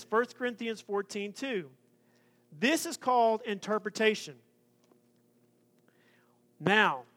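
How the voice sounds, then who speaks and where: A man preaching a sermon, joking and lively in his asides. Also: high-pitched. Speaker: pastor.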